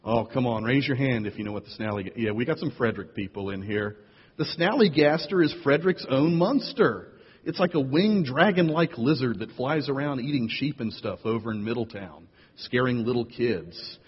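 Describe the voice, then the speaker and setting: A man preaching a sermon as pastor, playful and animated, jumping up in pitch to tease and draw in his listeners. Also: fairly quick, few pauses, husky. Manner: playful, animated storyteller with big jumps in pitch. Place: church sanctuary. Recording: lo-fi echoey hall recording.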